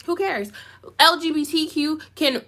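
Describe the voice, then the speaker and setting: Woman vlogger, lively commentary, bright forceful tone, slightly high, emphatic repeats. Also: a little slow. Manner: self-described goofy. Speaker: YouTuber. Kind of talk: live commentary reading comments.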